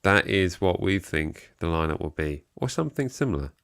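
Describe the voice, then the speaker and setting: Low gravelly Englishman on a live stream. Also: big pitch swings, brisk, fairly bright tone, dry recording, studio quality. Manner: jokey, reads chat aloud, chuckles and trails off. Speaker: co-host of a football fan show. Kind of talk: casual live-stream chat.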